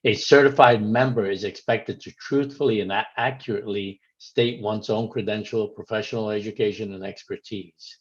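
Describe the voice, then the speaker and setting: A man with a fairly low voice speaks as a medical director, giving a formal, measured address. He reads from prepared remarks at a steady pace. The audio is dull and lo-fi. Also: husky.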